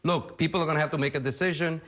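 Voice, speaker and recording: A man's voice: a little high, steady tone, racing, a bit bright. A man, a regular political commentator, talking bluntly and emphatically in a studio panel discussion, often trailing off and restarting.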